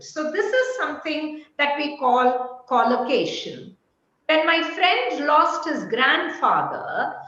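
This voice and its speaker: A woman's voice: sits high, bright, forceful tone. A woman teaching an online lesson. She poses questions to the class and answers them herself. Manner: quizzes herself and answers firmly. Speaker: English teacher. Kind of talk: online lecture. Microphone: video call. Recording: echoey room, dull lo-fi call audio.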